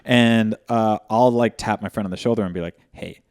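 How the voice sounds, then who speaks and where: A man's voice: on the low side, fairly even intonation, fairly quick, a little mellow, smooth. A man co-hosting a podcast, trading jokes in casual chat. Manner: wisecracking, dry jokes. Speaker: podcast co-host.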